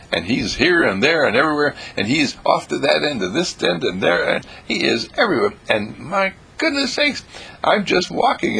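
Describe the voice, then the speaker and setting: This is an exuberant motivational monologue from a man whose voice is husky and gravelly and whose tone is fairly bright. He swoops between high exclamations and low murmurs, repeating his phrases.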